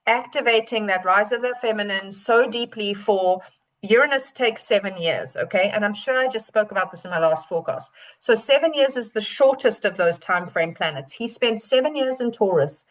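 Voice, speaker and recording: A woman's voice: mid-range voice, moderate pace, low-quality recording. Chatty woman astrologer, rambling forecast. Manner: chatty, rambling, warm storytelling. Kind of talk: casual forecast talk.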